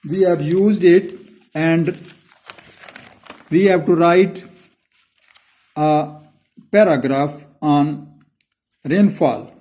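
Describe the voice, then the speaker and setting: Pakistani male teacher, slow classroom dictation. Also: on the high side, warm tone. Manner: reads each blank aloud, then repeats the full sentence. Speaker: school teacher.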